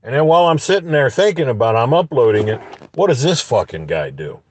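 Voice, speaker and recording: A vlogger tells a story from inside a parked car in an angry, profane, rambling rant. His mid-range voice swings widely in pitch and moves fast, with a little hiss or hum in the recording.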